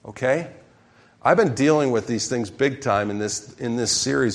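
A male pastor delivering a sermon in an emphatic, direct way. He keeps turning to his congregation with questions and prompts, pressing each point home at a mid-range pitch. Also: moderate pace.

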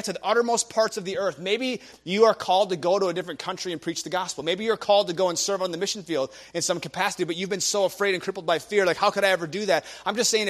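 A man's voice: high-pitched, fairly bright tone. A young man preaching a sermon, telling stories animatedly and acting out the people he quotes. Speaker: guest preacher.

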